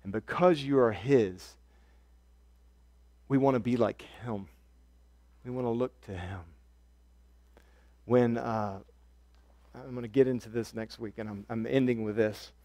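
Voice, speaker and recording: A male pastor giving an earnest sermon, repeating key phrases and swinging from hushed, soft passages to loud emphatic ones. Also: mid-range voice, measured pace, long pauses.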